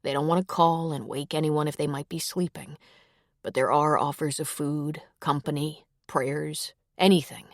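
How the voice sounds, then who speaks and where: A woman voicing a grieving young husband who stays gentle and protective, speaking in a soft, lowered, steady voice. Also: normal speed, dry recording, studio quality, natural voice.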